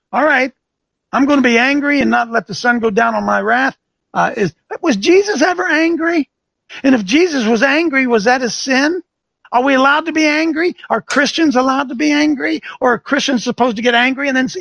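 A man's voice: very high-pitched, lively intonation, a little fast, vocal fry, fairly bright tone, no echo. A man hosting a talk show as a coach, delivering combative, preachy commentary full of rhetorical questions. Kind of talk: fiery commentary with a call-in feel.

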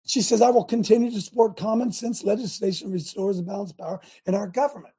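Older guy ranting on his show, dark mellow voice, kinda husky, keeps restarting. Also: high voice, quick pace. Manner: preachy, rallying, rambling with restarts. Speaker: talk show host. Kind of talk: fiery talk show monologue.

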